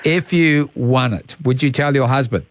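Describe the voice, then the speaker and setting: A man's voice: medium pitch, normal speed. A man hosting breakfast radio, teasing a caller and laughing often. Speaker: radio host.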